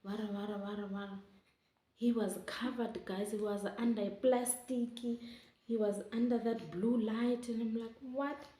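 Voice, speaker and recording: A woman's voice: on the high side, fairly even intonation, normal speed, dark tone. A young woman telling her story to camera in a chatty, emotional way, often calling her viewers guys. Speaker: vlogger. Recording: roomy echo.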